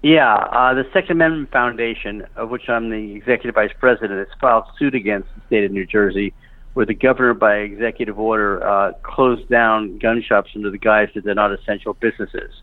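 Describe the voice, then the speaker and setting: A middle-aged man speaking as a guest over the telephone, steady and factual, with many fillers. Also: lowish voice, fairly quick, dry recording. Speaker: phone-in guest. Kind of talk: phone interview. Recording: dry, tinny phone line.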